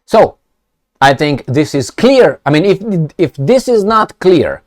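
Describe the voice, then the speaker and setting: A man's voice: on the high side, big pitch swings, takes it slowly, darkish tone. Sarcastic man. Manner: profane, sarcastic, rhetorical questions. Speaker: political commentator. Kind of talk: ranting commentary vlog.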